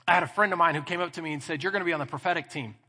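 Bright, husky Texan pastor preaching. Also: male voice, a little high, very fast, big-room sound. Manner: animated storytelling, acting out dialogue. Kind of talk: sermon. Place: church sanctuary.

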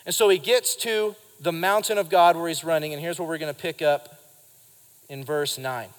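A man preaching a sermon at a live church service, lively and speaking straight to the congregation. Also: fairly high pitch, moderate pace, clean tone, long reverb tail. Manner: lively preaching, acts out quotes and addresses the congregation. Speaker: pastor.

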